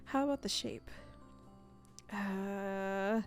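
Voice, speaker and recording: A woman's voice: mid-range voice, slow pace, creaky, faint music behind. A woman hosting a let's play, reading a cozy role-playing game's text aloud with playful asides. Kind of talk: let's play narration of a visual novel.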